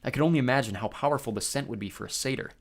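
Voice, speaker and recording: A man narrating a first-person audiobook with expressive storytelling. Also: medium pitch, rapid-fire, gravelly.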